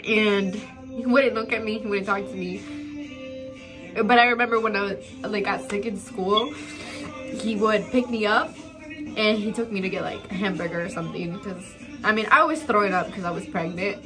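A young woman tells a personal storytime while getting ready on camera, rambling through fillers and halting restarts. Her voice sits at a middle pitch, with emotion close to the surface. Music plays underneath. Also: fairly even intonation. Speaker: beauty vlogger. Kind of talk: storytime while doing makeup. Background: background music.

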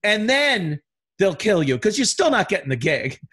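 A middle-aged man, a podcast guest, in a casual chat, talking bluntly with lots of swearing and animated storytelling. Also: high voice, moderate pace, breathy edge. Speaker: podcast guest, radio host.

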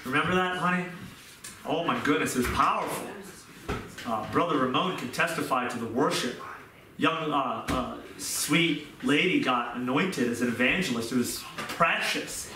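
A man's voice: mid-range voice, normal speed, background noise. A middle-aged man preaching a sermon in an earnest, repetitive way, recorded from a distance in an echoey room. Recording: echoey room, mic far off.

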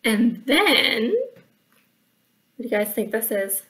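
A woman's voice: a little high, sing-song, extremely slow, pauses often, fairly bright tone, recorded from a distance, poor audio. A woman librarian reading a picture book aloud to children, stopping for chatty asides and working out the math with them.

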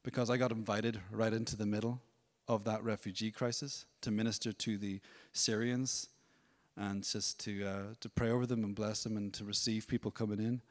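A man giving a testimony at a church service, telling his story in a lively way and acting out other people's voices. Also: lowish voice, normal speed, long reverb tail. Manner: storytelling, animated, acts out voices. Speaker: worship leader. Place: church hall.

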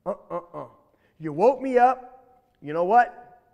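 A man's voice: sits high, expressive, takes it slowly, creaky, warm tone, in a large hall, dull audio, exaggerated voice. A man growling as a vain bully alligator. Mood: grumpy. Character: vain bullying male alligator, big and cross.

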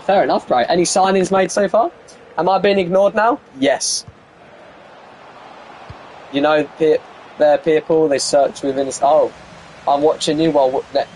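A young man live-streaming a football video game, bantering with teammates over voice chat and shouting at the plays. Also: medium pitch, slight background noise.

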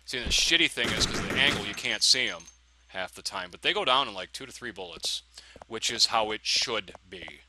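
A man's voice: fairly low pitch, lively intonation, brisk, pushed and bright, a little hiss or hum, poor audio. A man commentating his own video game play, swearing and ranting in frustration at the enemies. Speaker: let's play gamer. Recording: game music clearly behind the voice. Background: game music.

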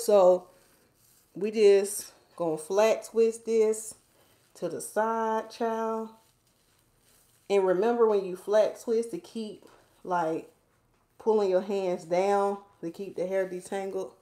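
In a reverberant recording, a woman with a mid-range, slightly mellow voice chats playfully through a hair tutorial she's livestreaming from home. She's a hair stylist who reads viewers' comments out loud and addresses them as "y'all."

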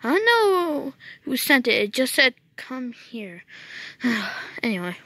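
A woman's voice: sits high, sing-song, measured pace, pushed and bright, dry recording. A woman telling a playful role-play story in a chatty, sighing way. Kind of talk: toy role-play narration.

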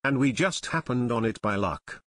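A man's voice: mid-range voice, animated, moderate pace, fairly bright tone, no echo, lightly acted. A man voicing a level-headed, determined older teenage boy detective in a storybook reading, speaking firmly.

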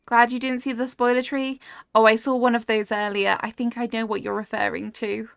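Girl streaming, kinda high voice, gushes at everything, dry close mic. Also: flat delivery, a little fast, gravelly, fairly bright tone, clean tone, no room sound. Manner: gushing, easily delighted, reads chat aloud. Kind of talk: casual livestream chat while playing.

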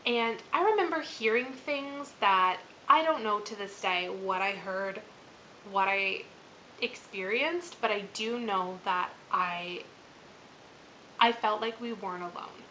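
A woman's voice: medium pitch, slow pace, bright, forceful tone, a little hiss or hum, low-quality recording. A woman in her thirties hosting her channel, telling a spooky personal story in a casual, chatty way, full of fillers and little laughs. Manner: chatty, filler-heavy, laughs as she talks. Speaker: channel host.

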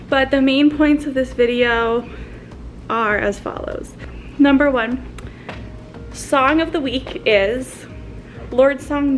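A woman's voice: sits high, poor audio. A young woman chatting casually to her camera at home, rambling with lots of fillers. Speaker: vlogger. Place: apartment, indoors.

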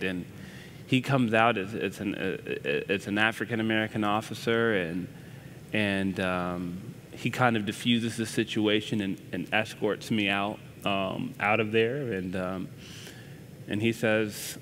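Earnest low-voiced man telling a story. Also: a bit bright, a little hiss or hum. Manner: earnest, halting with repeated restarts. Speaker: news reporter. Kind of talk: personal story in a church conversation.

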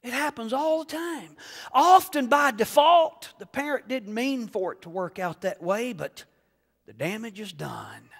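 A man preaching a sermon as pastor, animated, rising to shouts and firing rhetorical questions at the congregation. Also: extremely high pitch, measured pace, gravelly. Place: church sanctuary. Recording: long reverb of a church hall.

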